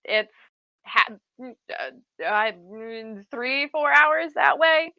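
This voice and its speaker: A friendly young cat-folk wanderer with a high, bright voice that swings up and down, as a woman plays her. The recording is dry and a little dull, lo-fi. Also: expressive, extremely slow, gravelly, no echo, heavily acted. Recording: slightly dull, lo-fi sound.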